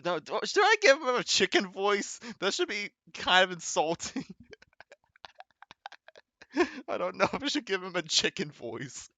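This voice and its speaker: A streamer reacting to a game in lively, joking let's play commentary. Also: mid-range voice, measured pace, pauses often, no room sound. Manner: excitable, laughing, joking.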